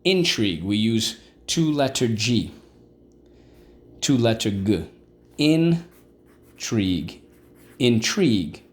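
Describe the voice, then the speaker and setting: A man's voice: lowish voice, expressive, slow pace, long pauses, a little mellow. A man teaching a vocabulary lesson, repeating words syllable by syllable and asking the class questions. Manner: asks class-style questions like "What's the word?".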